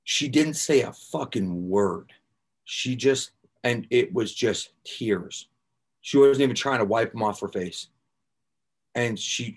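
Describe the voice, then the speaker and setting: Low-voiced man telling his story bluntly. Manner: blunt and raw, with casual swearing and filler words. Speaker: podcast guest recounting his recovery. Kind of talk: candid personal storytelling.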